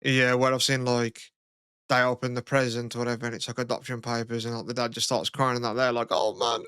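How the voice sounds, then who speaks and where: A man's voice: medium pitch, level tone, fast, a bit bright, clean tone, dry recording, studio quality. A young man from the UK, co-hosting a podcast in casual, rambling chat with plenty of swearing and fillers. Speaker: podcast co-host.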